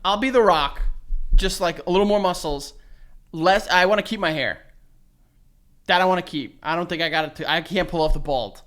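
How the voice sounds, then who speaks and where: A man's voice: high-pitched, moderate pace, pauses often. A man co-hosting a podcast in casual, joking chat, swearing freely. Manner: profane, joking, mimics people in loud bursts. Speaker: podcast co-host.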